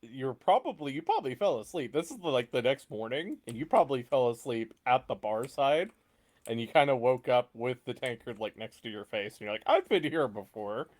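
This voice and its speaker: A man's voice: medium pitch, expressive, brisk, darkish tone. A man narrating a tabletop role-playing game as game master, casual and rambling, with frequent fillers and restarts.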